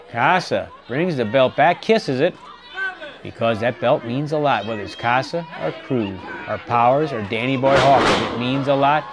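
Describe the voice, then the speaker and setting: A man calling a wrestling match play by play, getting excited and shouting on the big moves. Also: medium pitch. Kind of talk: play-by-play commentary. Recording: live arena crowd and noise behind. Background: cheering wrestling crowd.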